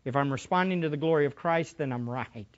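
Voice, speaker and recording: A middle-aged pastor preaches with fervent passion, dropping to near-whispered asides before rising again to cries. His voice sits a little high for a man. The recording is dull and lo-fi, like an old church tape. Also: brisk. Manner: passionate, swings from quiet asides to shouting. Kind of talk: sermon.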